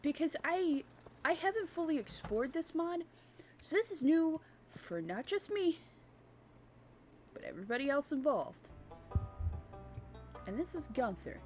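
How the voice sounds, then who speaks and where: A woman's voice: high-pitched, animated, unhurried, long pauses, a little mellow, faint music behind. Rambling woman commenting on a game. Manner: rambling, lots of fillers and restarts. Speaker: gamer.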